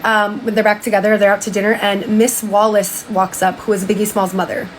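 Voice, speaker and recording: A woman's voice: mid-range voice, level tone, fairly quick, a little hiss or hum, rough recording. A young woman casually retelling a story, quoting each person with "she's like" and "he's like" and swearing now and then. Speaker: TikTok commentator.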